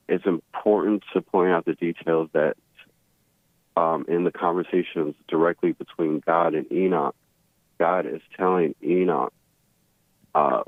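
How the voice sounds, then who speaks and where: A man calling in to a live show, earnest and halting, who often trips over his own words. His very low voice comes through a thin, tinny phone line with a dry sound. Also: no echo. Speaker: caller. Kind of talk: phone-in conversation.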